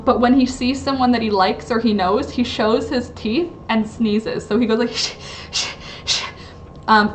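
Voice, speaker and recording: Chatting casually on a home livestream, a woman with a somewhat high voice rambles, cutting herself off and leaning on plenty of fillers. Slight background noise can be heard.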